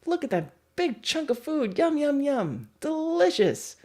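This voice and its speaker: A woman voicing an eager, fussy pet dog in a squeaky, exclaiming tone. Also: very animated, unhurried, darkish tone. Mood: delighted.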